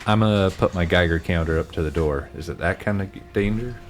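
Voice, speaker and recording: A man's voice: deep voice, fast. A man playing a tabletop role-playing game, talking plainly and matter-of-factly. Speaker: player. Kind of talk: casual tabletop play.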